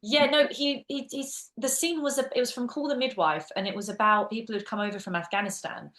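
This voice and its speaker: A woman's voice: fairly high pitch, a little fast. A woman with an English accent, a guest actress and teacher chatting animatedly in an interview over a video call. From England. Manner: animated, quotes people in lively voices. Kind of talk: casual interview chat.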